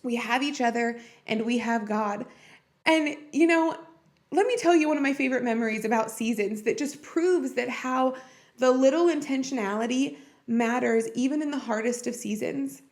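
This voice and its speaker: A woman's voice: fairly high pitch, moderate pace. A woman hosting a podcast, speaking in a heartfelt, personal and encouraging way about faith and marriage. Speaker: podcast host. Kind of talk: earnest faith-based marriage talk.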